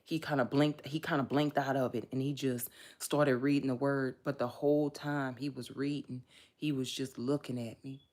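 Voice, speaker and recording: Woman, tarot reader, casual vlog rant: blunt, animated, swears freely, laughs a lot, talks directly to viewers. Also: rumbling low. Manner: chatty, addresses viewers directly.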